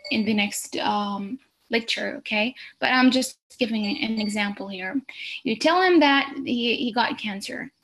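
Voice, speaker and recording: A woman teaching exam preparation in a recorded lecture, explaining step by step, repeating key points and checking in with "okay?". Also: on the high side.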